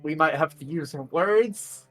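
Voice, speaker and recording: A tabletop game player chatting casually, halting and hesitant as they work out a plan. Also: mid-range voice, soft background music.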